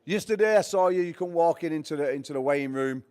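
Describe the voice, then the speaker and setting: Brash guy hosting a fight press conference, high voice, swears a lot, jokey. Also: fast, a little mellow, clear, resonant tone. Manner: brash, joking, swears freely. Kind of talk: hype introductions and banter.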